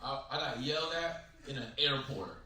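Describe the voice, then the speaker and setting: A man performing a stand-up comedy set on stage, animated, acting out voices and shouting his punchlines. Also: mid-range voice, normal speed, distant mic. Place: large hotel ballroom, stage. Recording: loud echoey ballroom, heavy noise.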